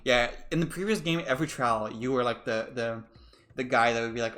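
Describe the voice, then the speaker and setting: A man's voice: medium pitch, a little fast, fairly bright tone. A man, the host of a let's play, who breaks in with crude, joking asides while playing through a game. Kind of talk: playthrough commentary.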